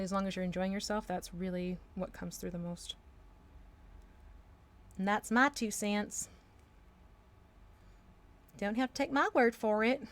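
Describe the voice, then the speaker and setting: A chatty woman talking through her painting on a live stream. She laughs often and drifts into playful voices, with an ordinary mid-range pitch. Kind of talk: casual live-stream chat while painting.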